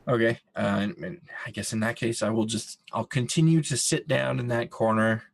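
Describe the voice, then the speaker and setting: A man speaking as his character in a tabletop game, halting and repeating words. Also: mid-range voice, creaky, no echo. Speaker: player. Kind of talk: in-character role-play.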